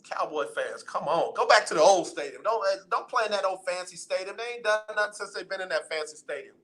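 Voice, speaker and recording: A man hosting a sports radio talk show, teasing and preaching to callers in loud, playful banter. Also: high-pitched, lively intonation, quick pace. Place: radio studio.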